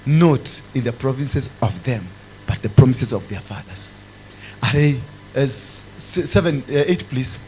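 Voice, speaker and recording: A man preaching a sermon, swinging from loud exclamations to low, intense tones. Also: animated, a little slow, a little hiss or hum, poor audio. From Kenya. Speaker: apostle preaching.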